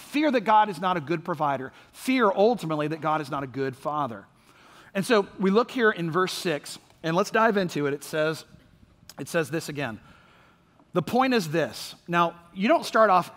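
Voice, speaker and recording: A pastor from Orlando delivers a sermon in a high, light man's voice. He keeps it conversational, full of little fillers and "right?" check-ins. His words ring out with a long reverb from the church hall. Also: a bit bright. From Orlando, Florida, USA. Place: church sanctuary.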